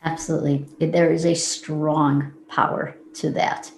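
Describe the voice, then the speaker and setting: A woman psychologist explains her field in an interview, patient and lively when she challenges an idea. Her voice sits low and has a gravelly edge. The recording has a roomy echo. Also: measured pace, slight background noise. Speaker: psychologist guest. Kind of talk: interview answers.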